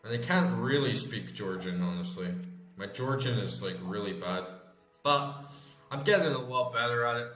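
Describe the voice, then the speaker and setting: Faint music plays behind a gaming host in his thirties, a native English speaker with an expressive, slightly bright mid-range voice at a moderate pace. He rambles casually while playing, full of fillers and swearing, with roomy echo and faint background noise.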